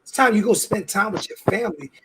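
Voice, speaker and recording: A man's voice: high voice, animated, fast, gravelly, noisy background. A man on a sports talk show, ranting with heavy swearing and repeating his words. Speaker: show regular.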